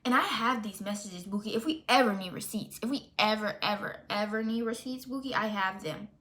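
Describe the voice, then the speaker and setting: A young woman telling a storytime in a casual, animated and sassy way, with exaggerated retellings. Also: mid-range voice, fairly quick. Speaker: storytime vlogger.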